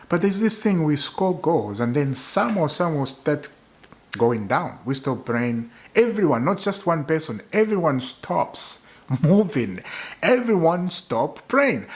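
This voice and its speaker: A young man ranting to camera as a frustrated football fan. His pitch swings up and down in a lively way, and he circles back and repeats his complaints for emphasis. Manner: exasperated, repeats points for emphasis. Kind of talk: casual fan rant to camera.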